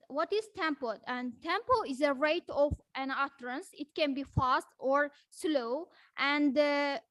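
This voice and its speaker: A woman's voice: sits high, a bit bright, no room sound, poor audio. A woman teacher with an Uzbek accent gives a prepared presentation in English, reading definitions with frequent hesitations.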